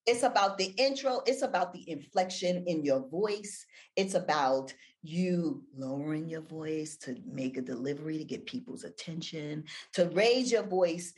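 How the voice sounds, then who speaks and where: An older woman talking on a video call as an interview guest, animated, with big swings between loud and near-whispered delivery. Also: low-pitched, measured pace, few pauses. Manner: animated, wide swings of inflection, drops to near-whisper for effect. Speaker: guest, audio-room moderator.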